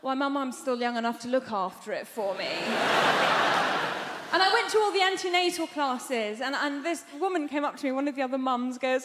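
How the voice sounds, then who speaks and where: A woman from Iran doing a wry, self-mocking stand-up comedy set on a large theatre stage. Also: sits high. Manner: wry, self-mocking storytelling with quick asides. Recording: long theatre reverb, loud background noise.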